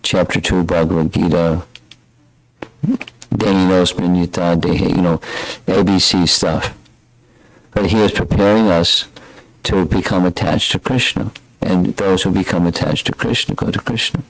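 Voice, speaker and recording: Older male spiritual teacher, very low voice, close and dry sound, reflective class delivery. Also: steady tone, no echo, low-quality recording. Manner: reflective, unhurried storytelling. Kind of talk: scripture class.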